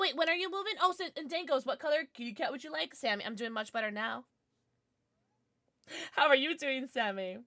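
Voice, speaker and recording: A woman's voice: fairly high pitch, pushed and bright, dry recording, clean studio sound. A young adult woman streaming live and chatting with her viewers, bubbly and giggly, with lots of "like". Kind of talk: casual livestream chat, reading chat.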